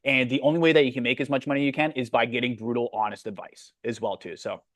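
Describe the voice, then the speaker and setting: A man's voice: mid-range voice, fairly even intonation, fast talker, few pauses, no room sound. A man hosting a casual sales coaching Q&A on a video call, blunt and hyped, calling people dude and brother.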